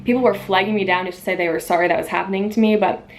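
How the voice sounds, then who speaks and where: A woman's voice: medium pitch, rapid-fire, a little hiss or hum. Young woman ranting about waitressing. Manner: animated, emphatic retelling with quoted dialogue. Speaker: vlogger, waitress. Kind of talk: casual storytelling rant.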